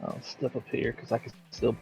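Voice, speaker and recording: A man's voice: normal speed, mellow, no echo, faint music behind, poor audio. A man playing a tabletop game, casually planning tactics with the group. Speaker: player.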